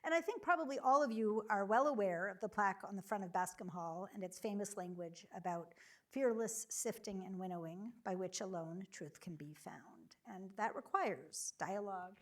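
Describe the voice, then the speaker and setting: A middle-aged woman moderating a public conversation before an audience, welcoming and relaxed with frequent ums and uhs. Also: mid-range voice, moderate pace. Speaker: university chancellor moderating a campus conversation. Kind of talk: hosting a public onstage conversation. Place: lecture hall before a live audience.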